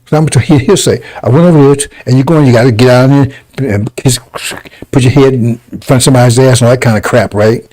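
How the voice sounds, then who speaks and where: A man's voice: medium pitch, fast, warm tone, rough recording. A man giving heated scripture commentary on a religious broadcast, scornful and rambling, with mocking laughs.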